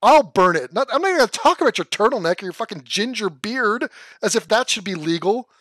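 A man's voice: sits high, lively intonation, fast, a bit bright, no echo. Profane ranting man, dry close sound. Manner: profane, ranting, keeps stumbling over a word and laughing at himself. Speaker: streamer. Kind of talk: casual livestream commentary.

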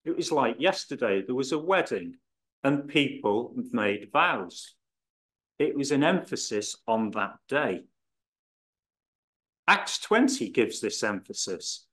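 A man explaining scripture in a measured teaching style, stressing key words as he goes. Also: medium pitch, very animated, a bit bright. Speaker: Bible teacher.

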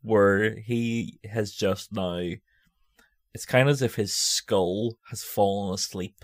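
A man's voice: on the low side, steady tone, slow, dry recording, studio quality. A man with a Northern Irish accent, laughing often and swearing casually while chatting about films. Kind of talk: casual chat.

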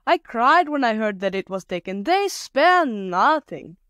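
Woman voicing a calm, shrewd peasant woman. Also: a little high, no room sound, clean studio sound, voice pushed up. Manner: calm, matter-of-fact, drawn-out haggling.

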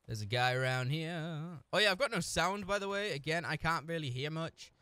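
A gameplay streamer gives live commentary on his own shooter match in an expressive, pushed, bright voice that's on the high side and fairly quick. Frustrated outbursts alternate with joking asides, constant swearing, and trash talk at other players. His desk mic with a camera, used without headphones, gives a clean sound with no echo.

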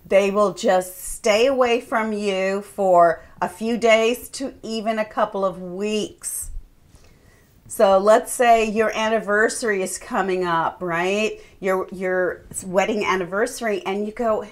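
A woman's voice: mid-range voice, steady tone, takes it slowly. A woman life coach giving an earnest advice monologue, now and then acting out what someone else says. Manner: earnest, acts out quoted remarks.

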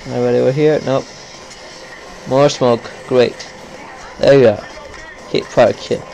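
A man talks slowly over his own gameplay in a mid-pitched voice, cursing and grumbling as he plays. His has a ring. A faint noise hangs under the recording. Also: fairly even intonation, vocal fry, dark tone, rough recording. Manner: cursing, grumbling running commentary. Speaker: gameplay commentator. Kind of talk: live gameplay commentary.

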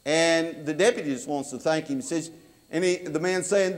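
A man preaching in a church sanctuary, his voice sitting a little high for a man. He tells his story with animation, then sinks into a quiet, earnest plea. Long reverb trails each phrase around the room. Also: normal speed. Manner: animated storytelling that drops to a soft, earnest appeal. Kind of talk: sermon.

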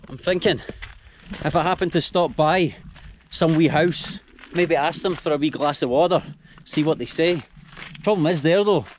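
A man's voice: on the high side, normal speed, pauses often. Young Scottish man, self-mocking travel vlogger, chatty to a handheld camera outdoors, light noise. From Scotland. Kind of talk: casual vlog to camera. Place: outdoors, countryside by rail tracks. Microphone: handheld action camera.

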